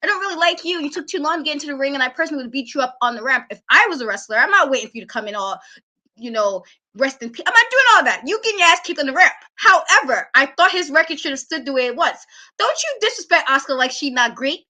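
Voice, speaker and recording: A woman's voice: sits high, lively intonation, quick pace, bright, forceful tone. A woman hosting a wrestling talk show, giving casual, opinionated commentary in an emphatic, ranting way and laughing often.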